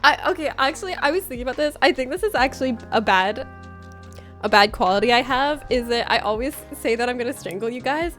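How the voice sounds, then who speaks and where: A woman's voice: sits high, animated, quick pace, a bit bright, soft background music. A woman hosting a casual livestream from a room at home, reading out viewer comments in a playful, teasing way and laughing often. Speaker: livestream host.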